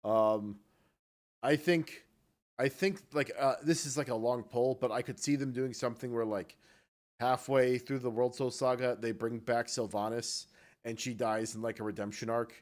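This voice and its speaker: A man's voice: medium pitch, steady tone, moderate pace. A man co-hosting a casual video game podcast, talking in a rambling, hesitant way. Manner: rambling, hesitant, lots of fillers and restarts. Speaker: podcast co-host. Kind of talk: casual chat about video games.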